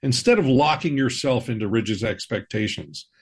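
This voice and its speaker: Man, finance talk host, lively pitch, slightly husky, measured explanations. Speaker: financial advisor, podcast host. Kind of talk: scripted personal-finance talk.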